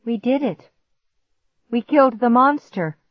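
A frightened young girl, as a woman reader puts her on, cries out in high, loud calls that jump upward. The storybook audio is dry and a touch dull. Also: slow pace, dry recording. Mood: triumphant. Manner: stammering, crying out. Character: scared young girl, crying out. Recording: dull muffled audiobook recording.

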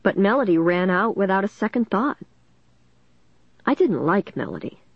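A woman narrating a first-person storybook in an expressive reading voice. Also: medium pitch, moderate pace, gravelly, slightly rough, no echo. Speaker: audiobook narrator. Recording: dull, dry lo-fi recording.

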